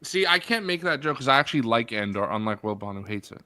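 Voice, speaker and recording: A man's voice: mid-range voice, animated, fast talker, a loud crowd. A man in a casual group podcast chat who laughs a lot and tells rambling stories. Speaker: podcast guest.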